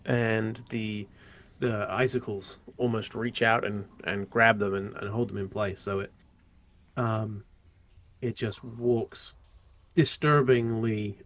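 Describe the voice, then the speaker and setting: A man narrating a tabletop game as game master, in a relaxed way with many fillers and restarts. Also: medium pitch, creaky.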